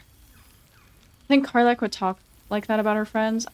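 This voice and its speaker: A woman's voice: fairly high pitch, steady tone, measured pace, pauses often, clear, resonant tone. Woman streamer, casual chatty play commentary, mild swearing, reads choices aloud.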